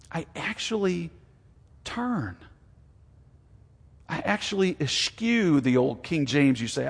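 A male pastor in his forties delivers an earnest sermon in a fairly high voice. He slips into acted-out exchanges with God to make his points, and his voice rings out with a long reverb, as if filling a large sanctuary. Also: slightly rough. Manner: earnest, acts out dialogue with God in lively voices.

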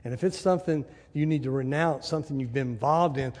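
A man preaching a sermon as a pastor, animated, asking the congregation questions and acting out little scenes. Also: medium pitch, fast talker, hardly any pauses. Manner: animated, asks the crowd, acts out little scenes. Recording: hall reverb.

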